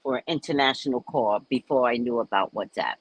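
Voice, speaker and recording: A woman from California hosting a casual show, chatting and telling stories in an animated way. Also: extremely low pitch, a little fast, husky, no room sound, rough recording. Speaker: host. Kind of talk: casual chat.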